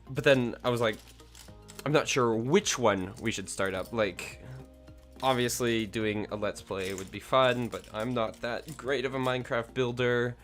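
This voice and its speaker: Guy chatting on his stream, lots of ums, kinda echoey room at home, quiet music playing. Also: medium pitch. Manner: rambling, many fillers and self-corrections. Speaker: livestream host. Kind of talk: casual livestream chat.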